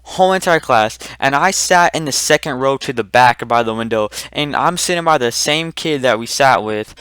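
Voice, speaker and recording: A teenage boy rambling through a casual storytime vlog, full of "like" and restarts, getting louder and higher when he gets excited. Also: normal speed, clean tone, no room sound. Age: teens. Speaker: vlogger.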